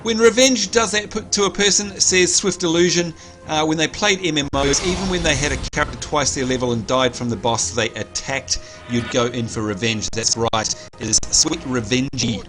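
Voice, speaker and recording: Excitable New man commentating a game. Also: a little high, normal speed. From New Zealand. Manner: excitable, chatty, addresses viewers as folks. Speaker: livestream co-host. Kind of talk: live gaming commentary. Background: game music.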